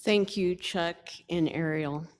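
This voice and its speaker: A woman reading family tributes aloud at a memorial service in a slow, measured way. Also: lowish voice. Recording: long reverb of a hall.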